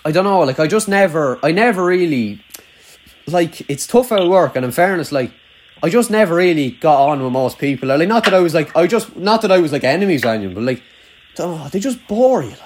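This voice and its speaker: A young rural Irish man chats casually in a fairly high, animated, brisk voice. He swears freely and rambles along, saying "like" over and over.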